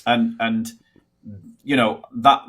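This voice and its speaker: A British man chatting as a livestream guest in a measured way, with a dry sense of humor. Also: mid-range voice, flat delivery, fairly bright tone. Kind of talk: casual livestream chat.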